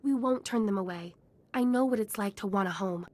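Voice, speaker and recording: A woman's voice: medium pitch, a little fast, a little mellow, natural voice. An actress playing an idealistic young woman settler in a video game, earnest and reasoned in how she speaks.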